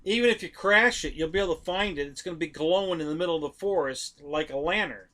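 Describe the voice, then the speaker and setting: A man's voice: on the high side, quick pace, bright, forceful tone. A man hosting a live stream, chatting casually about model planes, rambling, correcting himself and talking straight to his viewers.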